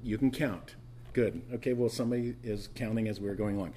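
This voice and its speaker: A man's voice: lowish voice, brisk, warm tone. A man pastor preaching a sermon, emphatic and questioning the congregation as he teaches from scripture.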